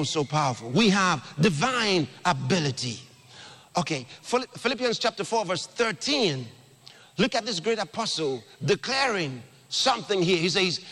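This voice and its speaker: A man's voice: high voice, sharp tone, in a large hall. A man preaching a sermon, exclaiming often and leading the congregation in repeating scripture.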